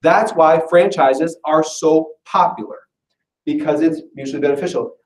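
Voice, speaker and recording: A chatty man with a slightly raised voice delivers a joking sales pitch to a room full of people. He is heard from a distance through a room mic, so his voice carries a roomy echo. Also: moderate pace, darkish tone. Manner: chatty and self-deprecating, with frequent laughs. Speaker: business presenter at an info session. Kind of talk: casual, joking sales pitch to a live audience. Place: meeting room with a live audience.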